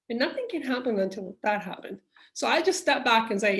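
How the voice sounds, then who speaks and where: A middle-aged woman speaking slowly and candidly, thinking aloud with pauses as she reflects on her own feelings. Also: a little high. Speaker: self-help speaker. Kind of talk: reflective personal talk.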